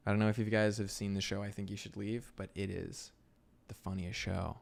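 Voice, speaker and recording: Guy streaming his drawing, kinda low voice, rambling and laughing at his own bits, desk mic. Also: flat delivery, fairly quick, gravelly. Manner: rambling, self-amused, thinking aloud. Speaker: illustrator livestreaming sketches. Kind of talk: casual live-stream chatter while drawing.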